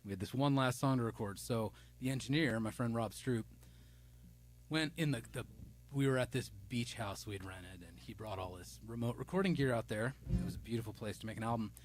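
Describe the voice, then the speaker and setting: Brisk and mid-range in pitch, this man hosts a loose music live stream, joking around as he reads viewer comments aloud. His chatter is rambling and self-deprecating, full of restarts.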